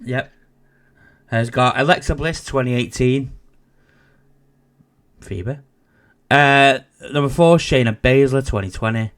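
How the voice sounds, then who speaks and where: A man's voice: mid-range voice, slow pace, pauses often, a bit bright, clean tone. A man co-hosting a casual wrestling podcast, reading out lists and joking, swearing now and then. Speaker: podcast co-host.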